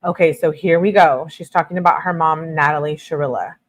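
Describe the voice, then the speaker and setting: A woman's voice: deep voice, fairly even intonation, brisk. Woman reading text messages aloud, matter-of-fact. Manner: plain matter-of-fact reading, frequent "and she says". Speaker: true crime channel host.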